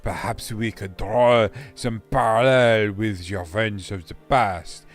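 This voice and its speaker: A young man playing a game with friends, reading story dialogue haltingly with fillers and slips. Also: fairly low pitch, faint music behind. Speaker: co-player. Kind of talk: casual gaming banter and dialogue reading.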